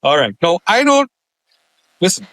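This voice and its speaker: A man with a high-sitting voice co-hosts a casual podcast, telling a story at a measured pace, acting out voices and laughing often. There's no echo in the recording.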